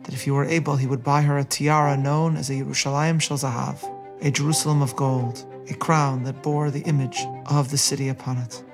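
A man hosting a podcast, reading a measured scripted narration and quoting passages aloud. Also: medium pitch, level tone, music in the background. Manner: measured, reads quotes aloud with light character inflection. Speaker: podcast host.

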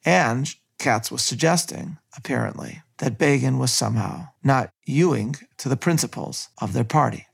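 A man with a gravelly, slightly husky voice reads a history lecture at a measured pace. He marks quotations from his sources as he reads them out. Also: medium pitch.

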